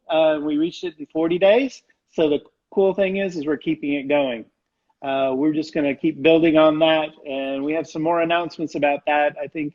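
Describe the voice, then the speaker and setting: A man's voice: a little high, darkish tone, dull audio. A man who is a head baker, talking casually and plainly on a live video call. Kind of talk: casual live-stream chat.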